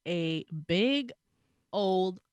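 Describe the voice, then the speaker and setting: A young woman co-hosting a casual podcast chat, playful and teasing, quick to laugh. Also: on the low side, animated, clear, resonant tone, dry recording. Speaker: podcast co-host.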